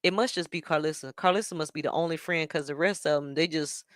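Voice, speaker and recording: A woman hosting a show, talking in an animated, sassy way with plenty of slang while she reacts to a stream. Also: low-pitched, fast talker, no room sound, clean studio sound. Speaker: show host. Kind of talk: casual commentary reacting to a stream.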